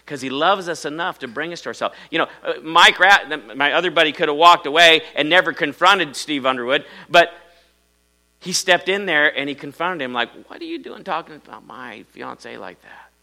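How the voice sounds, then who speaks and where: A man in the pulpit with a strikingly bright, forward voice. He preaches with dramatic swings, booming on key words, then dropping to quiet asides. He slips into little quoted voices to act out his stories. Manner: dynamic preacher, swings from loud emphatic bursts to quiet asides. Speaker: pastor. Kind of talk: sermon.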